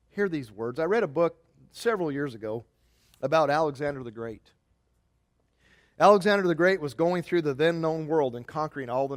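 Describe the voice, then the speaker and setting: A man preaching a sermon, telling a story in an animated way, swinging between loud and soft. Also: fairly high pitch, dry recording, studio quality. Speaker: pastor.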